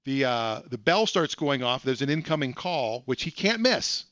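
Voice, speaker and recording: His mid-range voice has a sing-song lilt and a fairly bright tone at a moderate pace. Live-streaming from his computer at home, he spins a casual story with self-deprecating jokes, in dull audio without echo.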